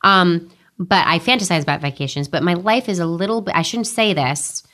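A woman's voice: fairly low pitch, fairly quick, fairly bright tone. A woman from New York's suburbs, an actress answering interview questions in a chatty, candid, self-deprecating way. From Westchester, New York. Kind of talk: casual interview chat.

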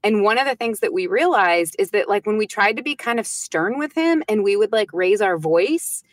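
A woman in her thirties chats casually as a podcast guest, with a mid-range voice. She is a lively storyteller who jumps into her children's voices. The sound is close and dry, with no room around it. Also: mid-range voice, normal speed, no echo. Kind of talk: casual chat.

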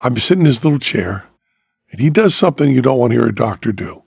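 A man with a gravelly, husky voice tells a story on his podcast, loose and animated, dropping swear words and acting out the people in it. The close mic leaves it dry and up front. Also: medium pitch, fast, no echo. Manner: animated, profane, acts out quoted voices. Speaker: podcast host. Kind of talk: casual storytelling.

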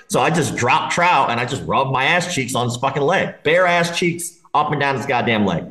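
A man's voice: mid-range voice, fairly quick, few pauses. A man casually telling a long, profane party story, laughing as he goes. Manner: animated, swearing, laughing while telling a story. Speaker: podcast guest. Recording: roomy echo.

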